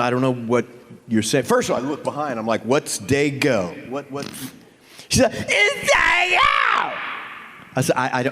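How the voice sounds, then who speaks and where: A man on a convention panel, telling a profane, animated story with many restarts. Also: mid-range voice, background noise. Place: large convention hall. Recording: reverberant hall.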